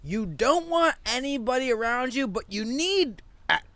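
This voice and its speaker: A man's voice: extremely high pitch, lively intonation, a little slow, sharp tone, no room sound. A man hosting a podcast in casual chat, telling stories animatedly, acting out quotes and swearing freely, recorded outdoors. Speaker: podcast host.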